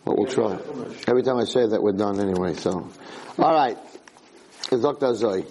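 A man's voice: lowish voice, moderate pace, dark tone, a little hiss or hum, poor audio. A tired man teaching an informal Torah class, telling a joke in a chatty, storytelling way. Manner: chatty storyteller, acts out the characters. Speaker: rabbi giving a Torah class.

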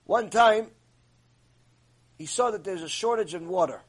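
A male religious teacher gives a storytelling lecture in a fairly high voice. He tells the tale in an animated way and slips into the voices of its characters. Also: brisk, breathy edge, rough recording.

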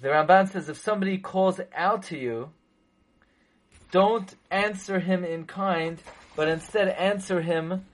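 A Torah teacher with a high voice lectures at a measured pace on a religious text, captured in a low-quality recording. He makes his point emphatically, repeats it, poses rhetorical questions, and mixes Hebrew and Yiddish terms into his English.

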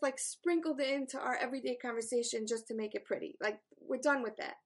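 Animated New woman teaching self-help. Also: a little high, brisk, few pauses. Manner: earnest, animated, acts out quoted thoughts. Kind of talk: spoken self-help lesson.

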